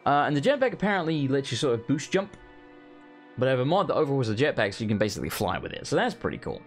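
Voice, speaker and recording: A man's voice: mid-range voice, very animated, very fast, faint music behind. A man giving rambling, casual, sweary commentary while playing a video game. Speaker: gaming host. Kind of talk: casual let's play commentary.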